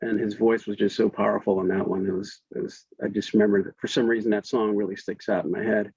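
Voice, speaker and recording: A man's voice: on the low side, little pitch movement, fast talker, vocal fry, a little mellow, husky, no room sound, highs cut off. A man in his fifties, a guest in an interview, telling a casual story with frequent restarts and laughs. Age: 50s.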